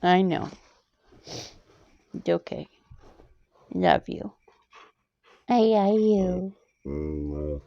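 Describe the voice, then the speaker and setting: A woman's voice: on the low side, huge pitch swings, very slow, gravelly, long pauses, warm tone, no room sound, lo-fi sound. A woman talking casually to her pets in a cooing, baby-talk manner. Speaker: pet owner.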